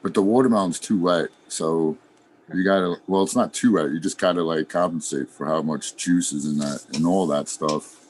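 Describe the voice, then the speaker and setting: A man's voice: sits low, moderate pace, slight background noise. A man chatting casually in a laid-back, rambling way, laughing often and trailing off mid-sentence. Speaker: podcast regular, worm grower. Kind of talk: casual chat.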